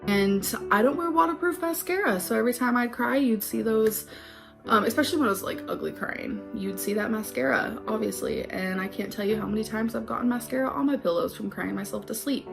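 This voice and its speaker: A woman's voice: a little high, fairly quick, creaky, over music. A woman talking in an emotional, tearful, confessional vlog style. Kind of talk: casual vlog talk.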